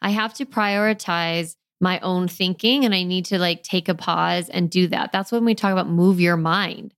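Chatty woman with a gravelly edge. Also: on the low side, steady tone, normal speed, dry recording, studio quality. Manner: chatty, gentle, lots of "like" and self-questions. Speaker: podcast host and parenting coach. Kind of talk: casual solo podcast talk.

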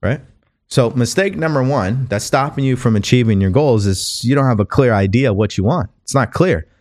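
A man's voice: mid-range voice, lively intonation, moderate pace, darkish tone. A man hosting a podcast, giving a conversational motivational talk as a coach, earnest and repeating phrases as he goes. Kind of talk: motivational monologue.

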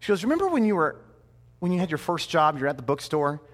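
Animated male pastor in a reverberant hall. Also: on the high side, fast. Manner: animated, conversational, with playful asides. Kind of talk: sermon.

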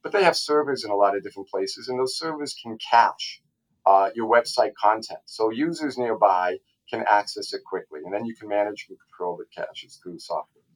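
Male tax attorney, lowish voice, casual podcast explainer, stop-start delivery. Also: expressive, low-quality recording. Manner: halting, with frequent restarts and asides.

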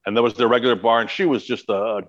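Middle-aged man, podcast guest, lively storytelling, acts out voices, mid-pitched. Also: rapid-fire, highs cut off. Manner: animated storyteller, acts out quotes. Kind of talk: storytelling in casual chat.

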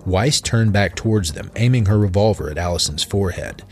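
A man narrating a dark horror story in a measured, deliberate way. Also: sits low, faint music behind.

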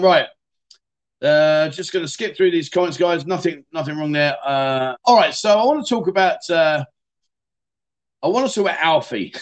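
A middle-aged man, hosting a casual livestream and chatting through viewer comments in a rambling way, often repeating words and restarting sentences. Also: on the high side. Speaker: livestream host.

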